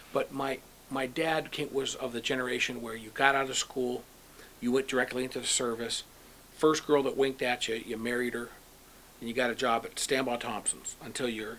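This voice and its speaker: Bright-voiced middle-aged man telling stories. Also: mid-range voice, a little hiss or hum. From Youngstown, Ohio, USA. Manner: animated storyteller, acts out quoted dialogue. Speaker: painter and comic book writer interviewed. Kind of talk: personal storytelling in a documentary interview.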